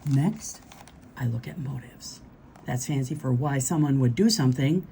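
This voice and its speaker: A woman reading a children's storybook aloud, gentle and expressive. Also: rumbling low, moderate pace, vocal fry, a little hiss or hum, rough recording.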